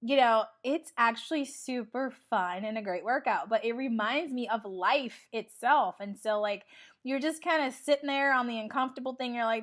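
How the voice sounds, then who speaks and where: Chatty woman vlogger, fairly high voice. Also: normal speed. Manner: chatty and animated, acts out quoted lines. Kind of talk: casual motivational vlog.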